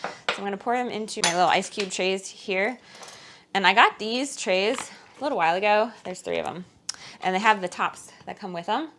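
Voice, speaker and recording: A woman's voice: mid-range voice, a little fast, fairly bright tone, slight background noise. A woman vlogger chatting casually to viewers while working in her home kitchen. She rambles, fills her talk with "like" and "um", and laughs between phrases. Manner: chatty and rambling, heavy use of "like" and "um". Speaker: frugal-living vlogger.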